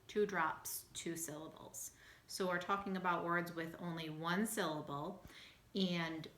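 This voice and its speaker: A woman teaching a phonics lesson to young children, speaking slowly and patiently, sounding out each word. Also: fairly low pitch, fairly bright tone. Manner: slow, patient, sounding out words. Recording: echoey room.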